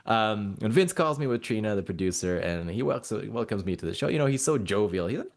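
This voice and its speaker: Man from Mauritania, low voice, animated storyteller, interview guest. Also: a little fast, creaky. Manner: animated anecdotes, acts out quoted dialogue. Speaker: actor, guest.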